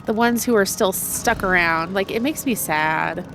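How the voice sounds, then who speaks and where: A woman's voice: mid-range voice, measured pace, noisy background. A young woman streaming a video game, congested and chatting in a rambling way with her viewers. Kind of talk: casual let's-play commentary.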